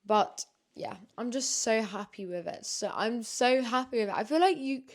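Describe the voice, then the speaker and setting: A woman's voice: fairly high pitch, moderate pace. A young woman with an English accent chatting casually through a clothing try-on haul, candid and slangy. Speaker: fashion vlogger.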